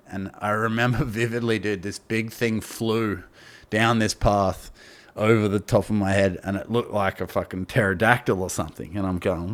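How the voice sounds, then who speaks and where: A man tells a long, rambling story as a podcast guest. His voice sits low, and he peppers it with slang, swearing and quick laughs. The talk is casual and meandering. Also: fairly even intonation.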